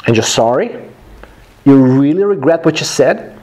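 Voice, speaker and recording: Offended woman asking for an apology, read by a man, raised pitch, textbook dialogue reading, plain delivery. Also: animated, normal speed, warm tone, close to an everyday voice. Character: hurt woman demanding an apology.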